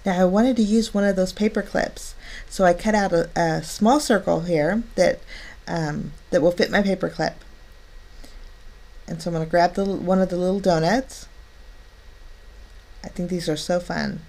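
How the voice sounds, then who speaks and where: A woman's voice: fairly low pitch, moderate pace, darkish tone. Cheerful woman narrating a card-making tutorial. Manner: cheerful, chatty, narrating each step with fillers. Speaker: crafting channel host. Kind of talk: step-by-step craft tutorial voice-over.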